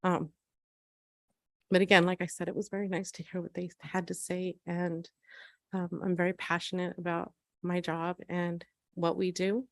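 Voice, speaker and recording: Woman pleading at a council mic, low flat voice, shaky and earnest, dry sound. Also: no echo. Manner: emotional, earnest, halting with fillers. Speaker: homeless shelter program manager. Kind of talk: public comment at a council meeting.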